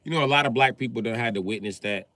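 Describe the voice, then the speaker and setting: A man's voice: fast talker, pushed and bright, dry recording. A man doing a profane, mocking stand-up rant on a live stream. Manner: profane, mocking, jumps in pitch. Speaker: comedian streamer.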